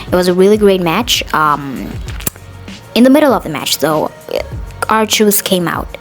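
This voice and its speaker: A woman's voice: on the low side, lively intonation, unhurried, soft background music. Chatty opinionated woman podcast host. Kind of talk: casual solo recap of a wrestling show.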